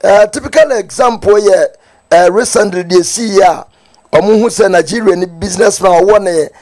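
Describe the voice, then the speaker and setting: A man's voice: high-pitched, a little mellow, no room sound. A man with a Ghanaian accent hosting a morning talk show, with a lilting, sing-song delivery. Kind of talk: casual talk show commentary.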